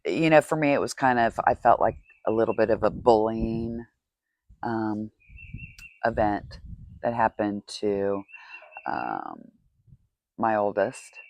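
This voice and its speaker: A woman's voice: a bass voice, very animated, slow pace, long pauses, darkish tone, no echo, muffled recording. A woman hosting a podcast, speaking candidly in a confessional monologue, often asking "right?". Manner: candid, tearful, asks rhetorical "right?". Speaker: podcast host.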